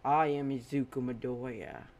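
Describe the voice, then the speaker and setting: A man's voice: medium pitch, fairly even intonation, normal speed, a little mellow, lightly acted. A man doing a brooding teen bat vigilante. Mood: grim.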